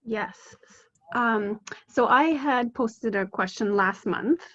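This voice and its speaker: Mother caller, slightly high-pitched, hesitant delivery, muffled dry call audio. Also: slow pace, a bit bright. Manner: hesitant, many ums. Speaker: caller, mother of a three-year-old. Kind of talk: asking advice on a call. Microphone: video call.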